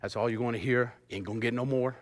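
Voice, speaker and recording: A man in his fifties preaching a sermon as pastor, lively and joking, bursting into song and laughter, then dropping to a quiet, earnest hush. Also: medium pitch, fast talker. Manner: animated preacher, bursts into sung snippets and laughter, drops to hushed tones.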